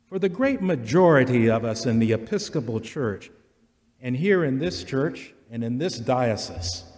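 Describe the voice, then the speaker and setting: A man preaching a sermon in a church, slow and deliberate, building repeated litanies that rise in intensity. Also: medium pitch, darkish tone. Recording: long church reverb.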